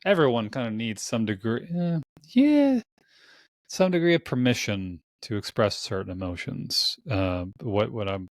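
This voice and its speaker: A man's voice: fairly low pitch, sing-song, a little slow, no echo, studio quality. A young adult man hosting a podcast, explaining ideas in a loose, rambling way full of "like.". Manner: casual and rambling, heavy use of "like". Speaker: podcast host. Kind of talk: conversational podcast interview.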